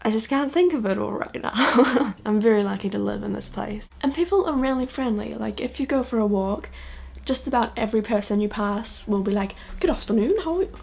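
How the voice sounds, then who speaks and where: Kiwi woman vlogging, bit of a gravelly crackle, jokey and chatty. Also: medium pitch, fairly quick, a little mellow. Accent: New Zealand. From New Zealand. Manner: jokey, chatty, self-mocking. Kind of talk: casual chat.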